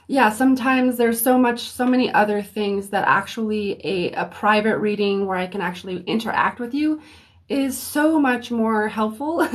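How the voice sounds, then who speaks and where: Slow-talking woman hosting a reading livestream. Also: on the high side. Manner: relaxed, unhurried, friendly, often pausing on "um". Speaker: host and psychic reader. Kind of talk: casual livestream chat.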